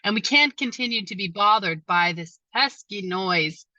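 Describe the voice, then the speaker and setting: A woman's voice: medium pitch, expressive, normal speed, bright, forceful tone, dry recording, recorded from a distance. A woman voicing a determined male deer on an animal council, making insistent demands. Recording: dull lo-fi sound.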